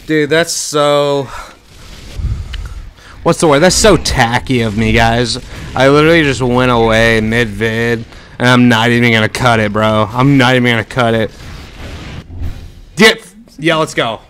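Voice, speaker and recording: A young man streaming a shooter game, talking casually and trash-talking loudly, swearing, with sudden shouted outbursts. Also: mid-range voice, unhurried, long pauses, slight background noise. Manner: loud, excitable trash talk, swearing, bursts of shouting. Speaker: gaming streamer. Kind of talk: casual gameplay commentary.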